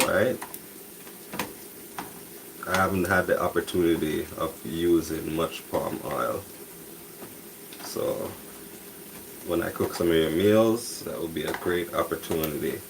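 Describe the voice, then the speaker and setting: A man hosting a live cooking stream, talking softly and casually to viewers while he cooks breakfast. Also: sits low, background noise. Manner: talks softly, relaxed and chatty. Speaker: cooking channel host. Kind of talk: soft-spoken live cooking stream chat. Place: home kitchen with cooking noise behind.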